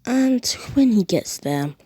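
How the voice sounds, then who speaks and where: A young woman retelling a fan story casually, rambling and animated. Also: a little high, slow, slightly rough, dry recording. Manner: rambling, animated, lots of restarts and acted quotes.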